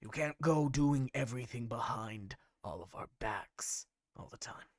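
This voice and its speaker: A man's voice: medium pitch, a little slow, dry recording, clean studio sound, lightly acted. A man voicing a prim bird-folk councillor. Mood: reproachful.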